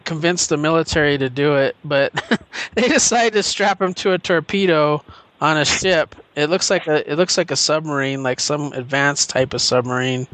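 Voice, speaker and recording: A man's voice: fairly high pitch, normal speed, a bit bright. A man co-hosting a podcast, eagerly retelling scenes in casual chat. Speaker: podcast co-host.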